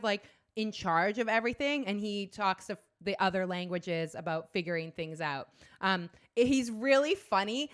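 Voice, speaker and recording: Co-host: woman, mid-pitched, chatty, casual. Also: fairly bright tone, clear, resonant tone. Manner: chatty, full of fillers. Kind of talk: casual chat.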